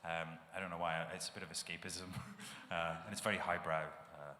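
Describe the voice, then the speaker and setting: Man, very low pitch, bright tone; relaxed panel guest, echoey hall. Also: brisk, a little hiss or hum. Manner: relaxed, self-deprecating, laughs often. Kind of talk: casual panel chat. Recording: echoey hall, live event.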